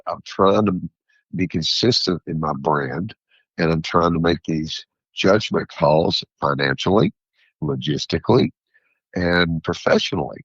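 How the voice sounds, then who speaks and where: A man who is a food entrepreneur, a guest on an interview show, talking in a rambling, philosophical and animated way. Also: sits low, a little slow, breathy edge, no echo, lo-fi sound. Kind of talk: interview conversation.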